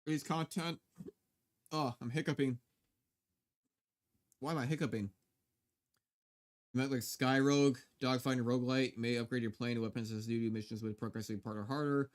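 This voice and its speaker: A man's voice: medium pitch, steady tone, a little fast, pauses often. A man live-streaming a game, chatting casually with viewers and swearing now and then. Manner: laid-back, swears casually, talks to viewers.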